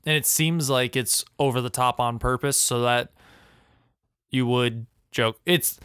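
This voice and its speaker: Young man, podcast co-host, smooth voice, dry close sound, animated, casual movie chat. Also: mid-range voice, a little slow, no room sound. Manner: animated, mocking impressions.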